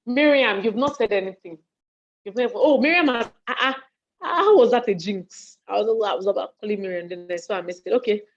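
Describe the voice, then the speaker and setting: Nigerian woman on a video call from her study, chatty and animated, hungry and yawning, muffled lo-fi sound. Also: medium pitch, fairly quick, slight background noise. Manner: lively and conversational, acts out what people say, asks listeners if they follow. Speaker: speaker on leadership and volunteering. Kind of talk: live online talk to an audience in a chat. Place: home study. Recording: dull lo-fi call audio.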